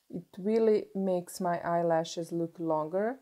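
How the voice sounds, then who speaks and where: A young Swedish woman, a beauty vlogger, unboxes makeup in English, gushing excitedly over each item and pausing and restarting as she unwraps. Her voice is a touch low, mellow and warm rather than bright.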